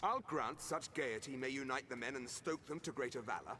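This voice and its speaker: An actor playing a cautious courtier, measured and courteous. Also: male voice, medium pitch, sharp tone, a little hiss or hum, natural voice. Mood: doubtful.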